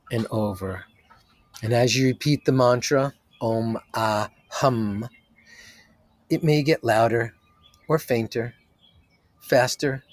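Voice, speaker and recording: A man leading a guided meditation as its teacher, talking softly and drawing out each phrase. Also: medium pitch, no room sound. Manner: slow, soft-spoken, drawn-out phrasing.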